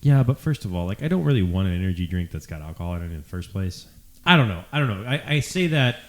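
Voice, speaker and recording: A man's voice: sits low, sing-song, fast talker. A man co-hosting a casual chat over drinks, talkative and often hedging with "I don't know.". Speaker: podcast co-host.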